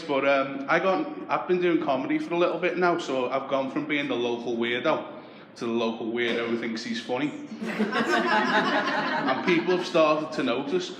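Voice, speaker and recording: A young man from Liverpool with a Liverpool accent, doing a deadpan, sweary stand-up comedy set. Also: fairly high pitch, moderate pace. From Liverpool, England. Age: young adult. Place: comedy club stage. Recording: echoey club with crowd noise. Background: audience laughter.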